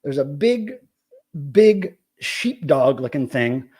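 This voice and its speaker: Excitable male host with a high, bouncy voice, ranting profanely while telling a story. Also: takes it slowly, breathy edge. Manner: animated, profane, excitable rant. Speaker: live show host. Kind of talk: casual storytelling on a live stream.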